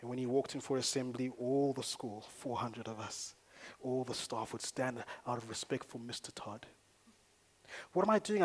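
A man preaching a sermon as a pastor. He moves between quiet storytelling and loud, emphatic preaching. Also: medium pitch.

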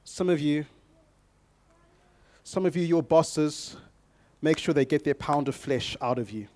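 A pastor preaches a sermon, shifting from calm scripture reading to loud, emphatic exhortation while addressing the congregation before him directly with audience prompts. His voice is on the high side and a little slow, with no echo.

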